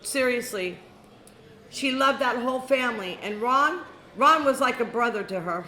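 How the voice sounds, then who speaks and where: An older woman giving a heartfelt eulogy at a memorial gathering, reminiscing slowly and breaking into laughs. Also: a little high, animated, sharp tone. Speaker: eulogy speaker. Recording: echoey hall with faint ambience.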